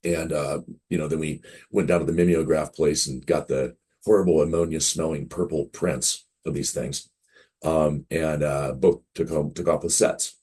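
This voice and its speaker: A man's voice: rumbling low, steady tone, moderate pace, dark tone, breathy edge. A man in his fifties, a game publisher guest on an interview, rambling through anecdotes and acting out quoted dialogue. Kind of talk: casual interview storytelling.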